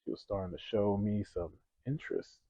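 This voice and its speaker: A young man with a low, dark voice tells stories from his own life in a relaxed vlog, laughing and getting loud when a story gets exciting. The sound is dry and close, with a dull, lo-fi tone. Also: normal speed, no echo. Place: outdoors.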